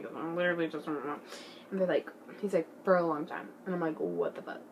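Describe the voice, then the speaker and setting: A teenage girl telling a story in a casual vlog, excitable and giggly, full of "like" and "bro", sometimes dropping to a hushed whisper. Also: fairly low pitch, fast talker, a little hiss or hum. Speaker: vlogger.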